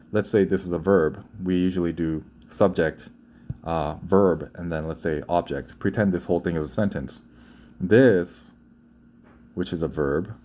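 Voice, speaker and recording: A man with a deep, low voice and a soft, mellow tone walks beginners through Korean grammar. He explains things casually, restarts sentences and keeps asking "right?" as he goes. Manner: loose and conversational, often restarting and asking "right?". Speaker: Korean language teacher.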